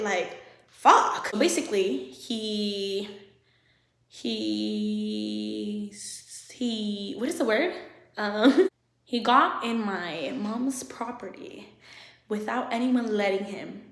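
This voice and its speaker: A young woman vlogger telling a casual storytime, animated, swearing freely, with laughing asides. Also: medium pitch, unhurried. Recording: echoey room.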